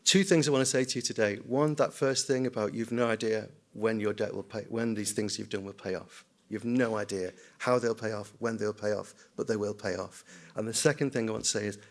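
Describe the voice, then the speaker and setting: A man's voice: fairly low pitch, fairly even intonation, a little fast, few pauses. An older man, a screenwriter and children's writer, giving an anecdotal, self-deprecating conference talk and mimicking voices. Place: conference hall.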